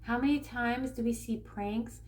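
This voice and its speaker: A woman from Northern California who works as a spiritual coach and tarot reader talks casually to camera. She rambles with restarts and slows down to stress her key points. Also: fairly high pitch, steady tone, darkish tone. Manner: rambling, with restarts and acted-out quotes.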